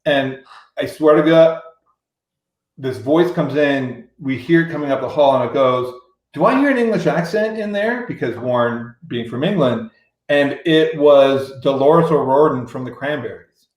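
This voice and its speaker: A man's voice: mid-range voice, fairly even intonation, unhurried, a little mellow, reverberant, low-quality recording. A man, a musician, telling a long anecdote in casual chat, restarting and acting out other people's lines. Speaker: musician guest. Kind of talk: casual storytelling on a radio show.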